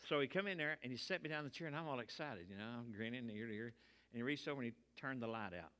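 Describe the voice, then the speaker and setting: A man's voice: medium pitch, very fast, fairly bright tone. An older man, giving a folksy testimony sermon from the pulpit. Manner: folksy, colloquial storytelling. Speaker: preacher. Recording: long reverb of a large hall.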